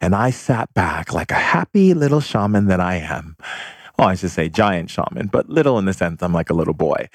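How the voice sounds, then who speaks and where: Male storyteller, casual and animated, slightly low voice, dry sound. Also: gravelly, no room sound. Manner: animated, acts out others' voices in high pitch. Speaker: storyteller sharing personal anecdotes.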